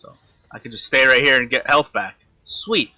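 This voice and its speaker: A man's voice: mid-range voice, moderate pace, bright, forceful tone. A man commentating his own gameplay, frustrated and swearing constantly at the enemy he is fighting. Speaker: gamer.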